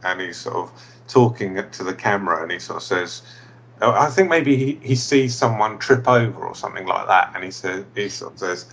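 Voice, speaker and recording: A man's voice: sits low, expressive, moderate pace, gravelly, a bit bright, husky. A man co-hosting a comedy podcast, talking in a laid-back, hesitant way with trailing asides. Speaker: podcast co-host. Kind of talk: casual comedic chat.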